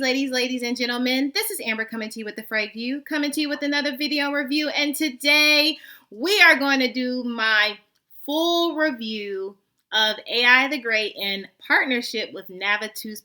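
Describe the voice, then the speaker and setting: A woman's voice: sits high, moderate pace. A woman, hosting a casual, chatty perfume review and greeting viewers as family. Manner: animated, playful, talks to viewers as family. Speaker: fragrance reviewer, channel host.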